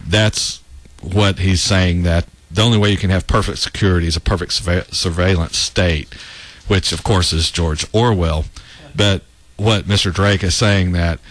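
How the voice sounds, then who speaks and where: A man's voice: sits low, fairly bright tone, dry recording. A man hosting a talk show, giving casual political commentary in a sarcastic tone and laughing at his own remarks. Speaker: radio talk show host.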